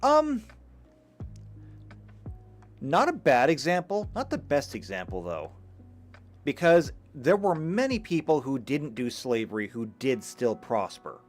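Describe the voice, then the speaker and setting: Guy giving a live lecture, emphatic, voice rises and falls a lot, some music low behind. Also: measured pace, pauses often. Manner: animated, emphatic, with occasional stammered restarts. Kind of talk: live lecture reading chat comments.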